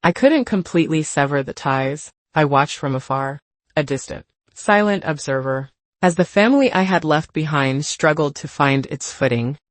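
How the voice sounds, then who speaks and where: An older woman narrating a first-person story in a measured, reflective way. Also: deep voice, dry recording.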